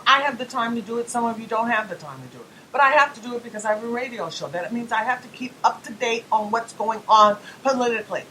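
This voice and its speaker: A woman's voice: mid-range voice, sharp tone, a little hiss or hum, rough recording. Emphatic woman hosting talk radio. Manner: emphatic, rhetorical questions, folksy asides. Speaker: radio talk show host. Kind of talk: solo political talk show monologue.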